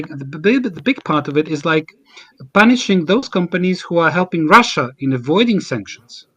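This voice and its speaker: High-voiced man. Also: fairly bright tone. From Ukraine. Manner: earnest, emphatic, with frequent restarts. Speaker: guest commentator. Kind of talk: panel discussion.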